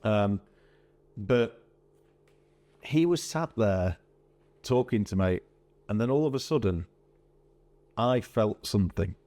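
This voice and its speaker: A man hosting a podcast, telling a story in a casual, animated way with quoted speech. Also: fairly low pitch, takes it slowly, long pauses. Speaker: podcast host.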